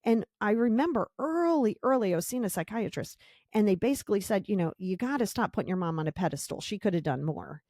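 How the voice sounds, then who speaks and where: A woman's voice: medium pitch, expressive, fast, darkish tone, no room sound, studio quality. A woman hosting a podcast, giving a blunt, emphatic motivational monologue and repeating her key points. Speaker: podcast host.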